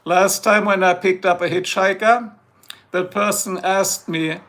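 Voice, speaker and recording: German-accented man with a high, gravelly voice. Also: fairly even intonation, measured pace, a bit bright, a little hiss or hum. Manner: rambling, joking, talks to chat viewers by name. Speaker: livestreamer. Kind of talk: casual livestream chat.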